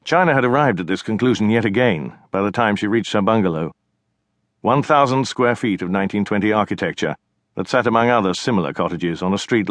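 Male audiobook narrator, lowish voice, dry close studio sound, measured delivery. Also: no echo. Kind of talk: scripted narration.

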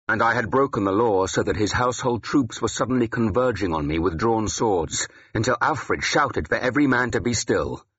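A man reads a first-person historical tale with dramatic, expressive delivery. His low, husky voice rises and falls widely, and the recording sounds dry and slightly muffled. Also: dry recording. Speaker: audiobook narrator. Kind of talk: scripted first-person narration.

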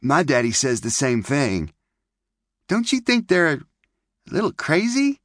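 A man's voice: a little high, sing-song, a little slow, dry recording, clean studio sound, voice pushed up. A man voicing an eager, chatty little pioneer girl in an audiobook.

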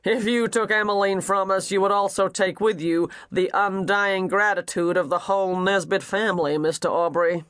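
A man voicing a gruff, blunt, wealthy older father with a growling voice. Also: high-pitched, level tone, moderate pace, hardly any pauses, a bit bright, no room sound, clean studio sound.

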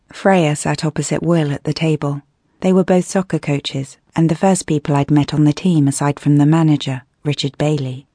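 British woman, audiobook narrator, mellow tone, wry expressive read, dry close studio mic. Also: low-pitched, no echo. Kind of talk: scripted first-person audiobook narration.

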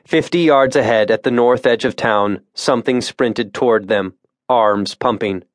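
Tense, measured male audiobook narrator. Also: mid-range voice, no echo, studio quality. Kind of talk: scripted narration. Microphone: close studio mic.

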